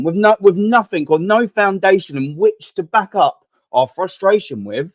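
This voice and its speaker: Sweary football fan ranting. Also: male voice, sits high, expressive, normal speed, no room sound. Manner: exasperated, sweary, rambling rant to the chat. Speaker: football watchalong host. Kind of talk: live match watchalong commentary and rant. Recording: dull, lo-fi dry home mic.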